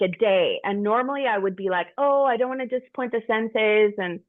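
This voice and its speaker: Middle-aged woman, candid group sharing, swears freely, rambling restarts, thin phone-like audio. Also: on the high side. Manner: frank and profane, rambling with restarts. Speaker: group participant. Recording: tinny phone-like sound.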